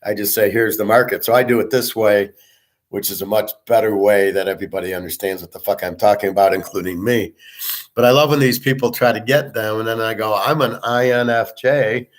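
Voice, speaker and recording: A man's voice: on the low side, fairly even intonation, fast talker. A middle-aged man hosting a betting show, ranting bluntly and profanely in a loose monologue that keeps restarting. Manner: profane, blunt, repeats himself. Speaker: sports betting show host.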